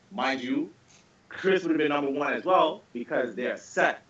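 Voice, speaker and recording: A man recounts a story during a casual group podcast, animated and quick to swear, stumbling over and repeating his words as he builds the tale. His voice sits at an ordinary middle pitch. It comes through a roomy, far-off call line with dull, muffled sound. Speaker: podcast panelist.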